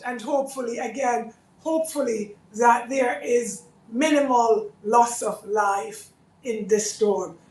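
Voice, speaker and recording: A woman with a Jamaican accent hosting a live charity appeal over a phone, speaking in an earnest, pleading way that repeats itself. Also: fairly high pitch. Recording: echoey room, voice a bit far off.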